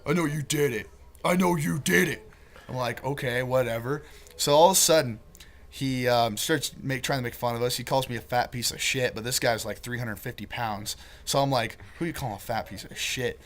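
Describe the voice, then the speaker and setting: A man's voice: mid-range voice, fairly even intonation, fairly quick. A young man casually telling a profane story among friends, laid-back and full of swearing.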